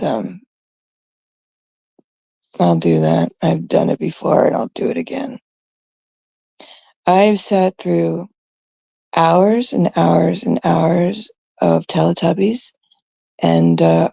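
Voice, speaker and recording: A woman from Canada hosting a live stream, scolding and ranting bluntly at a troll, her talk full of fillers and pauses. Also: on the low side, fairly even intonation, creaky, mellow, breathy edge, dry recording.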